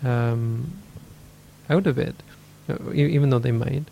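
With a creaky, mellow mid-range voice and a measured pace, this man delivers a dharma talk in response to questions, with slight background noise present. As a meditation teacher, he reflects aloud, revises his own phrasing, and voices what goes on inside people's heads.

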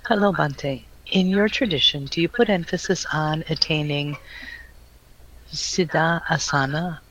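A man reading out questions to a teacher in a plain, even manner. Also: fairly high pitch, unhurried, muffled recording, a little hiss or hum. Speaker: question reader.

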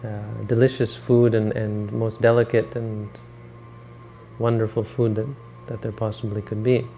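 Gravelly man telling a dharma story. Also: fairly low pitch, measured pace, soft background music. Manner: relaxed, rambling, self-correcting. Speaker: meditation teacher. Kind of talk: dharma talk retelling a story.

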